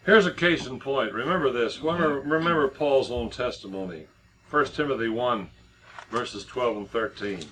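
A man's voice: mid-range voice, moderate pace, a bit bright, slight background noise, poor audio. A middle-aged man preaching a sermon in a conversational way, with many restarts and repeated words as he tells a story.

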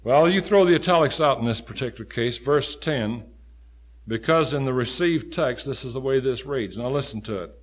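Preacher swinging between loud and low. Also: male voice, animated, moderate pace. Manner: rising to emphatic, loud peaks, then dropping low and quiet; quotes scripture in old King James wording. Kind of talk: sermon.

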